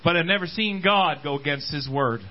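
A man's voice: on the high side, normal speed, highs cut off. A man preaching a sermon at a church service, calling out to the congregation. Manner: animated preaching, calls out to congregation. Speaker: pastor.

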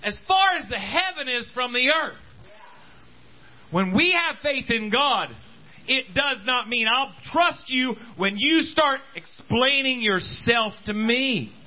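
A man's voice: very high-pitched, slow pace, dull audio. A man preaching a sermon at a church service, calling out to the congregation. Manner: animated preaching, calls out to congregation. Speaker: pastor.

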